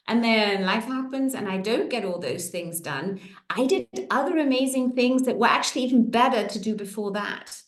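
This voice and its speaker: Middle-aged woman coach, animated storyteller with a swinging pitch, recorded in an echoey room. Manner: lively storytelling with quick pitch jumps. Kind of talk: casual talk to an online group.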